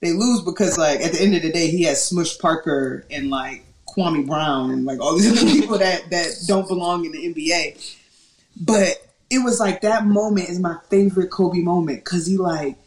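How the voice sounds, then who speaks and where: A woman co-hosting a casual sports chat, telling stories with lively acted-out quotes. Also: fairly low pitch, moderate pace, reverberant. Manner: animated storyteller who acts out quotes.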